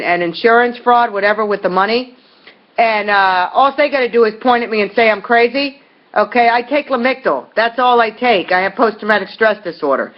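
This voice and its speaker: A middle-aged woman at home, making a pleading, rambling appeal straight to her viewers, full of fillers and restarts. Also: a little high. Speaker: vlogger. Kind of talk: impassioned direct-to-camera appeal. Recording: dull lo-fi recording.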